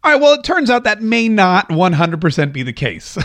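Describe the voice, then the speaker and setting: A man's voice: high-pitched, very animated, moderate pace, fairly bright tone. A man hosting his own radio and podcast show from a home studio, telling a rambling, self-mocking story in a joking, casual way. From Jacksonville, Florida area. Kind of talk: casual comedic monologue.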